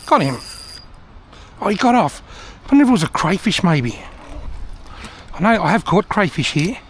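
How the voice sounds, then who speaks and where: A middle-aged Australian fishing vlogger chats casually to the camera with dry humour as he fishes outdoors by a river. His high-pitched voice swings widely in pitch at a moderate pace, with a little hiss or hum in the audio.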